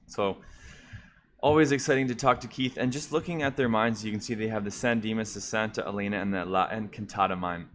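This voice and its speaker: A man's voice: fairly low pitch, steady tone, brisk, a bit bright, slight background noise. A man hosting an investing channel, giving casual stock market commentary in a conversational way, calling viewers "guys". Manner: conversational, addresses viewers as guys, frequent fillers.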